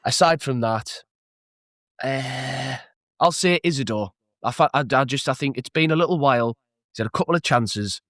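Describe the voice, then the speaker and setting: A man's voice: mid-range voice, normal speed, a bit bright, no echo, studio quality. A man co-hosting a casual football podcast, talking with lots of hesitations and laughing easily. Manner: hesitant, laughs often, many fillers. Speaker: podcast co-host. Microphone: remote call.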